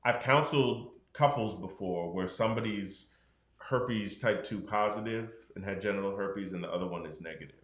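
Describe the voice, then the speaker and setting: A man's voice: on the low side, normal speed, fairly bright tone, echoey room. A man, a doctor, explaining health matters frankly in a casual podcast conversation. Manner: explanatory, frank, acts out patients' voices.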